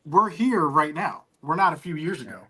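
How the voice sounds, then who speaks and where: A man's voice: on the high side, animated, moderate pace, over a noisy crowd. A man on a casual sports panel over a video call, making blunt, provocative takes.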